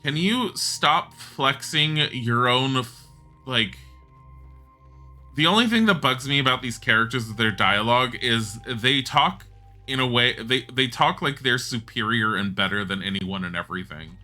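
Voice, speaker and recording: A man's voice: medium pitch, expressive, a little slow, bright, forceful tone, faint music behind. A man who streams games, giving blunt, chatty commentary, thinking aloud and swearing now and then. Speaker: game streamer. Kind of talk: casual gameplay commentary.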